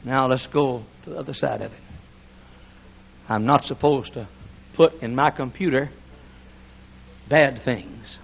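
A man preaching a fiery church sermon, swinging between shouted lines and hushed speech with emphatic repetition. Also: mid-range voice, measured pace, vocal fry, long pauses, a little hiss or hum, rough recording. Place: church sanctuary before a congregation.

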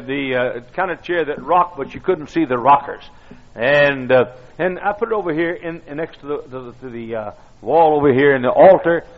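Animated folksy older preacher man. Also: on the high side, muffled recording. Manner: folksy, self-deprecating, many fillers and restarts. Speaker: pastor. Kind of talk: storytelling sermon.

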